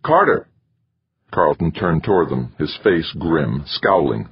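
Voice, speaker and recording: A man narrating a novel in a steady storytelling manner, in a dull lo-fi recording. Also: very deep voice, a little slow, breathy edge. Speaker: audiobook narrator. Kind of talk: scripted narration.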